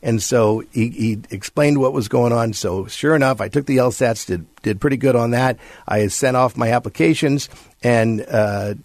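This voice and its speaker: A man's voice: mid-range voice, normal speed, no room sound. A man, a bankruptcy attorney and guest, telling a long personal story and acting out what others said to him. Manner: animated anecdote telling, acting out quoted voices. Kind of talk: storytelling interview answer.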